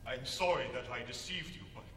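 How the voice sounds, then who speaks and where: A man's voice: mid-range voice, brisk, noisy background, lightly acted. A man playing stormy Mr Rochester on stage. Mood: tender. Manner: stormy, declamatory, given to stammered repeats. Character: Mr Rochester, a brooding passionate older gentleman. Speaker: stage actor. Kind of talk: stage musical acting. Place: theatre stage.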